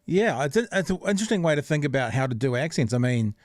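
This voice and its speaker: A man hosts a casual podcast, rambling as he hunts for words. His voice has a middle pitch. The sound is dry and close. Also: big pitch swings, fast, no echo. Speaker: podcast host.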